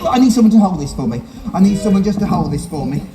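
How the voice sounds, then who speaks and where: A man's voice: sits high, expressive, fast, roomy sound, noisy background. A man in his fifties, a magician and ventriloquist, doing brash, self-mocking comedy patter at a live stage show. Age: 50s.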